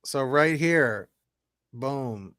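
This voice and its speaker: A young man hosting a casual tarot livestream, telling animated stories with big swings in pitch and volume. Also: drawn-out words, clean tone, no echo, clean studio sound. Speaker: tarot reader, stream host.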